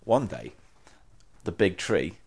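A man, a podcast co-host telling a childhood story in casual chat, deadpan. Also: deep voice, slow, creaky, slightly rough.

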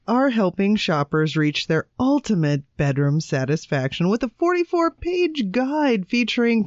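Playful female co-host, unhurried, lively delivery; dry, lo-fi studio sound. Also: medium pitch, no room sound. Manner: playful, reads out copy with mock drama. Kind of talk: comedic radio-style chat, reading news items.

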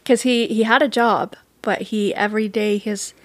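A woman guest telling a personal story in an interview, earnest and animated, acting out quoted dialogue as she goes. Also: mid-range voice, normal speed, no echo.

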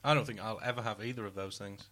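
A man's voice: lowish voice, steady tone, fast, pushed and bright. A man, co-hosting a casual podcast chat and joking often. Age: 20s. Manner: jokey, laughs often. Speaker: podcast co-host.

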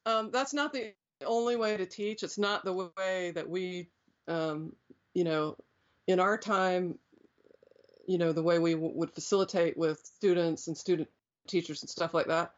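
A woman's voice: on the low side, steady tone, measured pace. Woman telling stories, rambling with fillers. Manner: rambling, many fillers and restarts. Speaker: interview guest. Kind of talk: reflective storytelling. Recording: dull lo-fi sound.

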